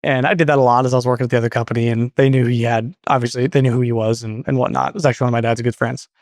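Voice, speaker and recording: Guest man, 30s, chatty and meandering, slips into quoted voices; mid-pitched, dry booth sound. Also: steady tone, rapid-fire, no room sound. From Portland, Oregon. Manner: rambling, self-correcting, acts out quoted dialogue. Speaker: guest, garage door business owner. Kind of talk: casual interview storytelling.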